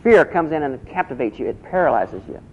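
A man's voice: fairly high pitch, expressive, a little fast, breathy edge. A man preaching a sermon, asking the congregation questions and repeating key phrases. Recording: dull lo-fi recording.

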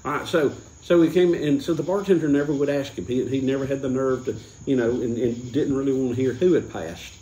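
A man's voice: medium pitch, brisk, hardly any pauses, dark tone, roomy sound, poor audio. A man hosting a casual beer tasting, rambling through a drinking joke with lots of restarts. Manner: rambling, full of restarts and chuckles. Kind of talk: casual chat, telling a joke.

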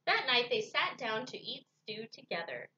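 A woman librarian reading picture books aloud to children in an expressive storytime voice. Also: on the high side, moderate pace, far from the mic, dull audio.

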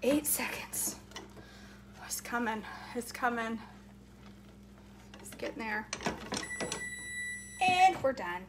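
A woman's voice: fairly high pitch, lively intonation, slow pace, long pauses, heavy background noise. A woman vlogging from her home kitchen stove, chatting and joking in a playfully bossy way as she cooks for a camera set up nearby. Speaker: cooking vlogger. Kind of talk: casual cooking demonstration. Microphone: camera set up near the stove. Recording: clattering pots and whisking behind voice.

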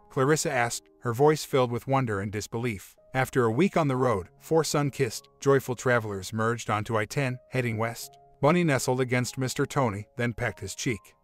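A man narrating a story script in a steady, measured way. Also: medium pitch. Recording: faint music behind.

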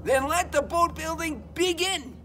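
Brief: a man playing a kind father bear, booming leader of the animals, storybook read-aloud, fairly high voice. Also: animated, moderate pace, a little hiss or hum. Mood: announcing. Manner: calls out announcements loudly, then softens fondly.

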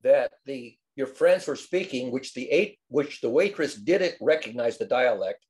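An older man in a casual group discussion, telling wry stories in a lively, animated way. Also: medium pitch, measured pace. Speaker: study group participant.

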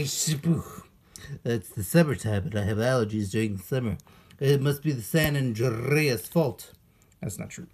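A man's voice: mid-range voice, darkish tone. A man hosting a toy unboxing, chatting casually with playful jokes and asides. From United States.

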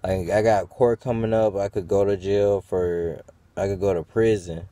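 A man's voice: lowish voice, steady tone, moderate pace, dark tone, no room sound. A man venting in a rambling, profane monologue to his viewers, full of fillers and restarts. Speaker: vlogger.

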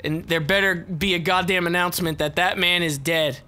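A young man doing profane, excitable let's-play commentary as a gaming YouTuber, swinging between low growled taunts and shrieks. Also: normal speed, smooth.

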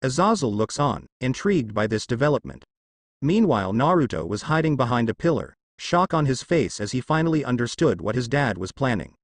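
A man narrating a fanfiction story in a steady storytelling manner. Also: mid-range voice, brisk, no echo, clean studio sound. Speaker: story reader.

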